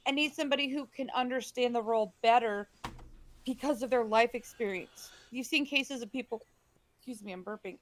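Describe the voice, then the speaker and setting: A woman's voice: a little high, fairly bright tone, no echo. A woman co-hosting a podcast, pushing back earnestly with hesitant restarts in casual talk. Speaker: podcast co-host. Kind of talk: casual discussion.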